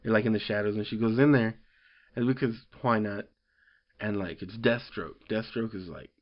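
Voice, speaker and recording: A man's voice: on the low side, moderate pace, highs cut off. A man casually recapping a story, rambling with lots of fillers and loosely quoting characters. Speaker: comic book reviewer.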